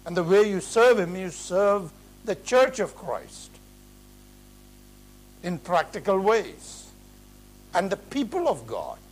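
A man preaching an earnest, emphatic expository sermon in a measured way. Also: high voice, very animated, rough recording.

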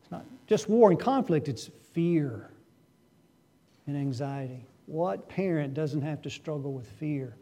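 Male pastor, fairly high voice, mellow tone, sermon delivery with loud surges. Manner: earnest preaching with sudden rises in pitch and loudness for emphasis; asks the congregation rhetorical questions.

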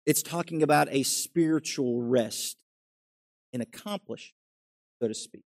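A man's voice: on the high side, unhurried. A middle-aged male pastor preaching a conversational sermon, asking his congregation questions and acting out everyday quotes.

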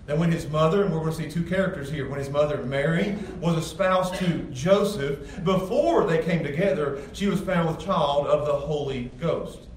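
High-voiced man preaching in echoey church. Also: moderate pace, hardly any pauses, slight background noise. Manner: conversational, emphatic preaching with repeated restarts. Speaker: pastor. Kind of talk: sermon. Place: church sanctuary with congregation. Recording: echoey room, far from mic, faint ambience.

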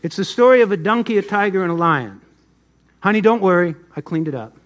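A middle-aged pastor preaching a sermon, swinging between loud emphasis and soft asides. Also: male voice, sits high, expressive, fairly quick.

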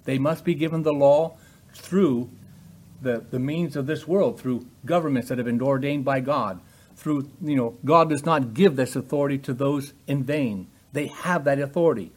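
A man preaching a sermon with emphatic delivery that rises in pitch and volume on key points. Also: normal speed.

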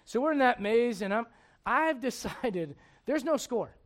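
A pastor with a strikingly high voice who preaches in a conversational, joking way. He swings between hushed, intimate lines and loud, emphatic ones. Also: animated, measured pace. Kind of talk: storytelling sermon.

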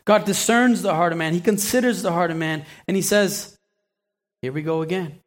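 A man with a high-pitched voice preaches at a moderate pace, keeping the sermon conversational. He poses questions to his listeners and acts out little asides, frequently restarting and repeating words.

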